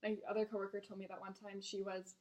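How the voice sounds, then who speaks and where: A woman's voice: mid-range voice, little pitch movement, fast talker, darkish tone. Blunt young woman venting. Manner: blunt, frequent swearing, exasperated. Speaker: restaurant server vlogger. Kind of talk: casual venting storytime.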